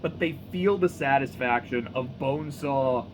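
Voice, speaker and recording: A young man chatting casually about a book, retelling scenes in a loose, animated way with plenty of swearing and fillers. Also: mid-range voice, unhurried, a little hiss or hum. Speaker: book reviewer. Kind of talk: casual chat.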